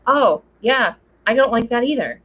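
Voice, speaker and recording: A woman co-hosting a casual chat, telling stories in an animated way and acting out what people said. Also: fairly high pitch, moderate pace, slight background noise, low-quality recording. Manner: animated storyteller, acts out quotes.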